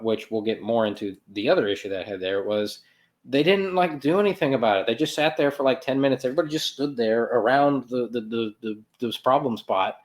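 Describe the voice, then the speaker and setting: A man hosting a soccer podcast, recapping a match in a loose, sarcastic monologue with playful sound effects and self-corrections. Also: medium pitch. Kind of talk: casual sports recap monologue.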